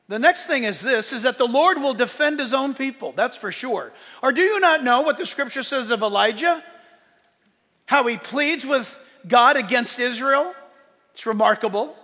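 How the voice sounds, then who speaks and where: A man's voice: extremely high pitch, lively intonation, unhurried, pauses often, bright, forceful tone. A male pastor preaching a sermon with humor, joking with the congregation, in a hall with long reverb. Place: church hall with live congregation.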